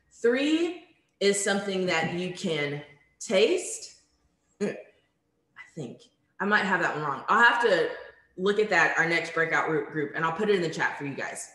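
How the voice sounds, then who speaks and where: A woman's voice: fairly low pitch, fairly bright tone. A woman leading a virtual conference training session from home, talking in a friendly, conversational way with frequent ums. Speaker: workshop facilitator. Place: home room. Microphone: video call. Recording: echoey room.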